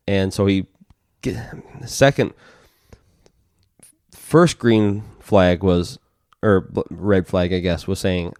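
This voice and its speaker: Deep-voiced man telling a rambling story. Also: steady tone, slow, a little mellow, clear, resonant tone, no room sound, clean studio sound. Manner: profane, rambling storyteller acting out quotes. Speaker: podcast co-host. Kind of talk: casual storytelling chat.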